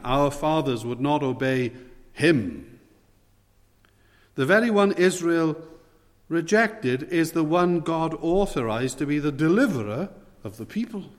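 A man preaching an expository sermon, emphatic, quoting scripture and stressing key words by lifting and dropping his voice. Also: mid-range voice. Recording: long hall reverb.

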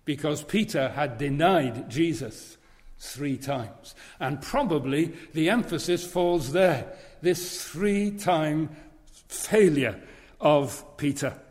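A man's voice: fairly high pitch, animated, slow pace, a little mellow. A man preaching a sermon in a church, earnest and leaning on repeated phrases. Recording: long reverb of a large hall.

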